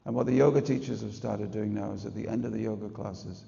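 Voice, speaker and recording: A man in his late sixties gives a chatty, humorous spiritual talk, now and then slowing to lead a chant. His voice is gravelly, low and mellow. It is recorded dull and muffled in a large hall with a long reverb. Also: steady tone. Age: 60s. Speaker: spiritual teacher. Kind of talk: talk to a temple audience.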